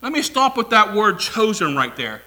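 Bright, high-voiced preaching man. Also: sing-song, normal speed. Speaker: pastor. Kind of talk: sermon.

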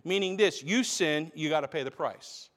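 A man's voice: on the high side, normal speed, fairly bright tone. A man preaching a sermon as pastor, emphatic, repeating phrases for stress. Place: church.

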